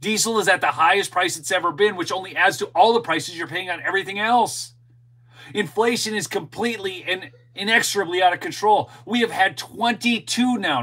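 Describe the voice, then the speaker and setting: A middle-aged man with a fairly high, bright and forceful voice hosts an opinionated commentary monologue. He is emphatic and keeps talking straight to his viewers. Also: rough recording. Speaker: show host and political commentator.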